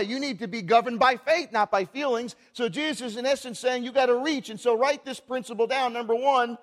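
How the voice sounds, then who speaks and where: A man preaching a sermon in church, animated and asking the congregation rhetorical questions. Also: very high voice, a little fast, few pauses, big-room sound. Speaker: pastor.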